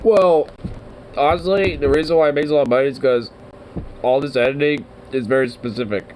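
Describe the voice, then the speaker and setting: A man's voice: medium pitch, a little fast, darkish tone, a little hiss or hum, rough recording. A young man hosting a reaction video, rambling and swearing in a slangy, laughing way. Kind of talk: casual reaction commentary.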